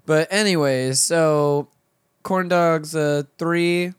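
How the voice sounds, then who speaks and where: A man's voice: on the high side, takes it slowly, clean tone, dry recording, studio quality. A man co-hosting a podcast, bantering casually with crude, rambling jokes and frequent laughs. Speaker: podcast co-host.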